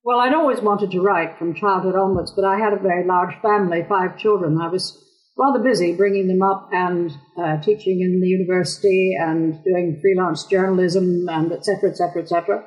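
A woman's voice: on the low side, fairly even intonation, brisk, a little mellow, muffled recording. An older woman novelist talking casually in an interview, chatty with ums and asides.

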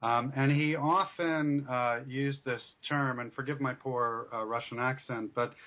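A male author answering interview questions in a measured, explanatory way with frequent fillers. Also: mid-range voice, steady tone, muffled recording. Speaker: author guest.

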